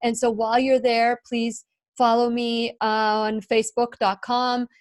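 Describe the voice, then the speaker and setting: A woman's voice: on the high side, flat delivery, unhurried. A middle-aged woman hosting a radio interview, speaking earnestly and affirming her guest. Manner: earnest, affirming, with small restarts. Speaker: radio show host.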